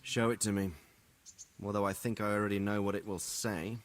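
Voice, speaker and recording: An actor playing a stern, dignified noble lord in a video game, speaking in a formal, measured way. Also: male voice, on the low side, no echo, natural voice. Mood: grave. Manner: formal, measured, expressive delivery.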